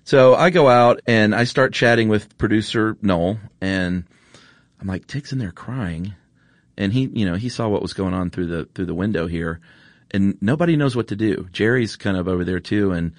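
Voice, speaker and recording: Low-voiced man hosting a podcast. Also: no echo, studio quality. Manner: earnest, emotional, chatty with many fillers. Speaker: podcast host. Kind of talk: casual storytelling intro. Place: podcast studio.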